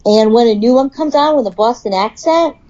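Woman, 30s, podcast co-host, casual chat, blunt, cursing, slightly high voice, muffled sound. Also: fairly quick, dark tone. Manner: blunt, swears, laughs a lot.

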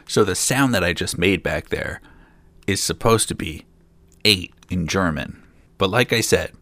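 Male storyteller host, deep voice with some fry, dry wry asides, dead-dry close mic. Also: normal speed, fairly bright tone, no room sound. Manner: dry, lightly joking asides. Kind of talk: reading a fairy tale aloud.

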